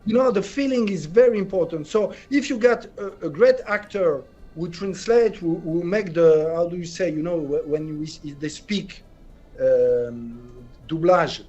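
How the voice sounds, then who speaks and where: A man with a French accent, a guest actor in an interview, answering in halting English and often pausing to search for words. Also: on the high side, dark tone, lo-fi sound, soft background music. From France.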